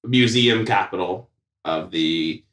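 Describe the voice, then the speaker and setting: Recorded from afar in an echoey room, this podcast co-host has a low, slightly bright voice and takes his time. He's chatting casually indoors with one person listening, his humor dry and self-mocking.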